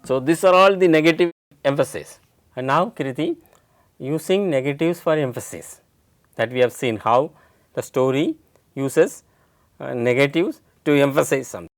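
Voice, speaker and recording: A man's voice: medium pitch, normal speed, pauses often, no room sound, faint music behind. A man with an Indian English accent leads an English lesson, quizzing a student and explaining each point. His voice sounds dry and close, with little room around it. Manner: questioning, step-by-step explaining. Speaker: teacher.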